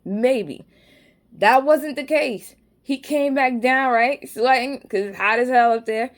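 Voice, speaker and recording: A woman's voice: high-pitched, slow pace. A woman with a New York accent telling a rambling, slangy, joking story in a casual vlog. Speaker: vlogger.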